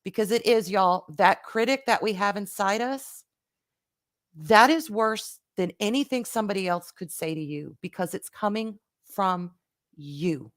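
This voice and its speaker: A woman hosts a live vlog in a medium-pitched, unhurried voice, speaking earnestly and casually to her viewers. She greets them by name and often repeats words as she restarts her sentences, her talk heartfelt.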